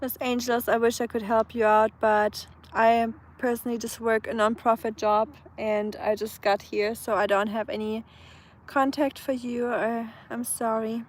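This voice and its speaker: Her voice is on the high side, delivered flatly at a moderate pace. She's from Germany and has a German accent, casually chatting and responding to viewer comments during a sunny outdoor live stream, often using fillers and restarting.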